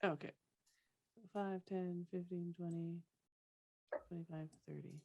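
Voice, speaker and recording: Woman player, hesitant, asks questions, lowish voice. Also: little pitch movement, measured pace, gravelly, darkish tone, dull audio. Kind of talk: tabletop game play.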